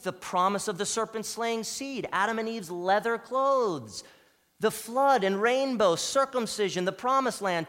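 A man preaching a sermon as pastor, emphatic, swinging from loud declarations to hushed, quiet lines. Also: high-pitched. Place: church sanctuary. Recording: long church hall reverb.

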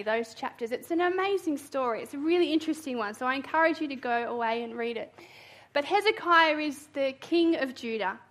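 A woman preaching a sermon, telling a personal story in an animated way and laughing often. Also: sits high.

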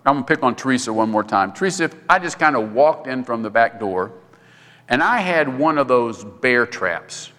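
A man preaching a sermon in a conversational way, jumping his pitch up high when he acts out other voices. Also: expressive, normal speed, bright, forceful tone, in a large hall. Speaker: pastor.

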